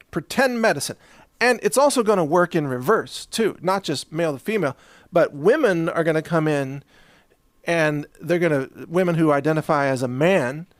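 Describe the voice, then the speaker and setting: A man delivers a sarcastic opinion monologue as the host of his own show. His voice sits fairly high and swings widely in pitch as he mocks his subject. The sound is dry and close, with no room echo. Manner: sarcastic, mocking, acts out quoted voices.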